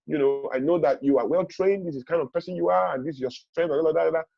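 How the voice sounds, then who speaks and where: A man's voice: a little high, fast, creaky, no echo, dull audio. A middle-aged man, speaking as a guest in a webinar, emphatic and repetitive, with a preachy manner. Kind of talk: advice talk in a webinar. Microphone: video call.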